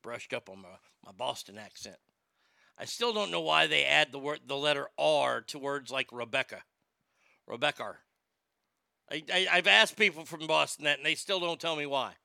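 A man's voice: on the high side, animated, normal speed, vocal fry, pushed and bright, dry recording, clean studio sound. A man hosting a show in casual chat, rambling and profane, with stammering restarts and boastful talk. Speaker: show host.

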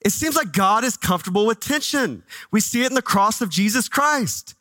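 A man preaching a sermon as pastor, conversational and animated, dropping low and soft for reverent moments. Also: moderate pace, no room sound. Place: church.

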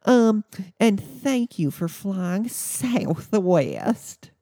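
A man voicing a flustered female airline desk agent, halting and falling into a high-pitched customer service voice. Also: animated, warm tone, no room sound, studio quality, full character voice. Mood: strained polite.

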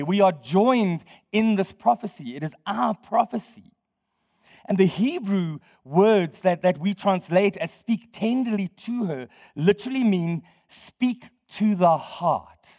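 High-voiced man preaching in a reverberant hall. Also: darkish tone. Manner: conversational, quizzes the congregation, laughs often. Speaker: pastor. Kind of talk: sermon.

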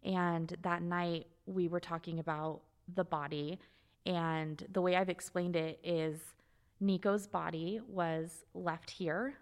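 A woman in her thirties, a mother of two, tells a heartfelt personal story on a talk show in a quick, earnest way with halting restarts. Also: on the low side, fairly even intonation, smooth.

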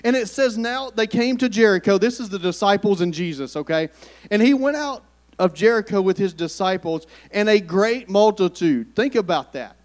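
High-voiced preacher. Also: male voice, lively intonation, normal speed. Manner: conversational, calls on the congregation to respond. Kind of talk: sermon.

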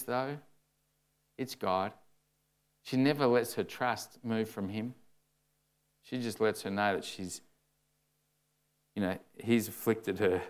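A man's voice: medium pitch, smooth. A man preaching a sermon in a conversational way, often saying "you know" and acting out the lines he quotes.

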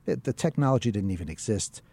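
A man's voice: fairly low pitch, animated, quick pace, dark tone, dry recording. A man hosting an interview, asking long rambling questions with many restarts. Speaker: interview host. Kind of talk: interview conversation.

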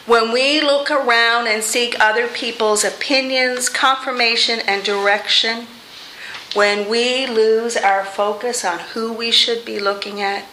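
Bright-voiced woman preaching in an echoey hall. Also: a little high, takes it slowly, slight background noise. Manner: conversational, expressive preaching with light humor. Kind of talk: sermon. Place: church sanctuary. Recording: echoey room.

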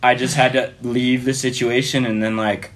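A man's voice: mid-range voice, little pitch movement, moderate pace, a bit bright, slight background noise. Rambling, laughing male podcast guest. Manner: rambling, filler-heavy, often laughing. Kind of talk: casual storytelling.

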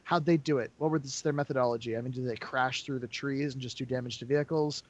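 A man plays a tabletop role-play and thinks through his plans aloud. He pauses with hesitant fillers as he speaks. His voice sits in a middle register. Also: mid-range voice, fairly even intonation, highs cut off. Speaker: player.

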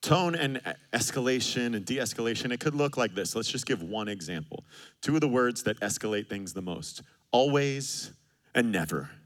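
A man in his thirties preaching a sermon, animated and joking, acting out quoted arguments. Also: mid-range voice, normal speed. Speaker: pastor.

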